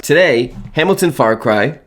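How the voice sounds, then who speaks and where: A man's voice: medium pitch, lively intonation, moderate pace, crowd noise. Laid-back man co-hosting a chat. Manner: laid-back, laughs often, dry asides. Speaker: co-host. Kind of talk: casual chat.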